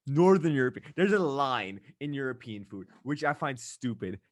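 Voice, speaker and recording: A young man hosts a casual podcast and rants with lively, quick asides. His voice sits at an everyday middle pitch. It is recorded close and dry, with no room sound. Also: no room sound. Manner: animated ranting, quick asides. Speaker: podcast host. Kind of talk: casual chat.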